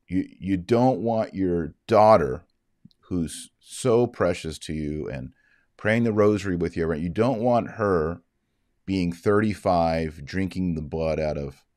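A man with a very low, deep voice delivers earnest, moralizing commentary, reading out viewer comments along the way. The sound is close and dry, with no room behind it. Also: darkish tone, dry recording. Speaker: Catholic commentator. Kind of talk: livestream commentary.

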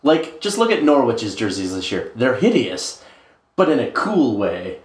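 Man, podcast co-host, casual sports chat, lots of ums, mid-pitched voice, echoey room. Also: very animated, unhurried. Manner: rambling, many filler "uh"s. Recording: roomy echo.

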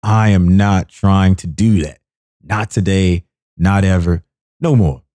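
A man's voice: slow pace, no echo, clean studio sound. A man hosting a show, riffing casually and comically, repeating phrases and acting out quotes. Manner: animated, repetitive riffs, acts out quotes in high voices. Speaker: podcast host. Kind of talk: casual comedic monologue.

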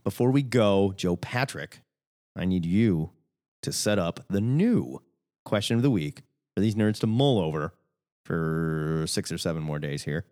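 A man co-hosting a comic book podcast, bantering in a jokey, animated way. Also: sits low, a little slow. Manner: jokey, animated, swings from loud to mumbled asides. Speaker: podcast co-host.

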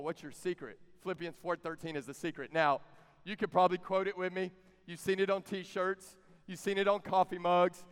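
A man preaching a sermon, calling on the audience to answer back and rising to shouts. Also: sits high. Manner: call-and-response with audience, building to shouts. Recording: long reverb of a big hall.

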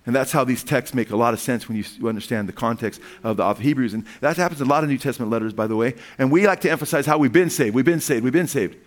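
A pastor preaches a sermon, reading scripture aloud, calling out "amen?" and "what?" for the congregation to answer, and breaking into animated asides. His medium-pitched delivery is rapid-fire with few pauses.

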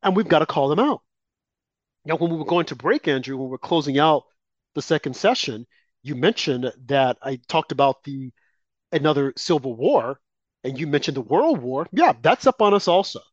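A man's voice: a little high, expressive, normal speed, no echo. A male co-host delivering political talk commentary, indignant and full of rhetorical questions with mocking asides. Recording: dull lo-fi dry sound.

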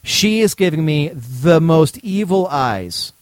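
Podcast co-host, male, lively raconteur who plays out the dialogue himself, voice sits a bit high, dry recording. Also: takes it slowly, no room sound. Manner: animated, acts out both sides of dialogue, swears freely. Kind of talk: casual storytelling chat.

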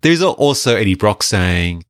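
A man with a lowish, clear and resonant voice co-hosts a podcast, chatting about movies in an animated, jokey, casual way at a moderate pace. The recording is dry and studio quality.

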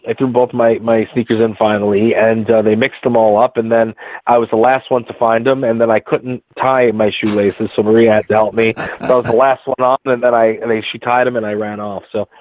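Low-voiced man on a tinny phone line. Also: dry recording. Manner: rambling, halting, many restarts. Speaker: guest. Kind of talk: casual storytelling.

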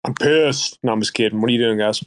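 A man's voice: mid-range voice, quick pace. A man in an online audio chat, speaking in an emphatic, fired-up rant that repeats its points. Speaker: guest speaker. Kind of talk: heated casual rant.

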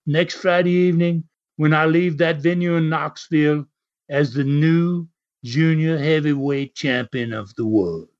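A man's voice: on the high side, a little slow, a little mellow. A man voicing a haughty English wrestler with a put-on English accent, speaking in a pompous, formal way. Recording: dull lo-fi audio.

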